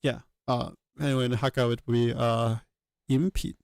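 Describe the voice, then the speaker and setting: A man's voice: mid-range voice, level tone, fairly quick, gravelly, clean tone, dry recording. A man thinking aloud as he works, hesitant, with many fillers and self-corrections. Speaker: channel host working through a reconstruction. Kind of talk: thinking aloud while working.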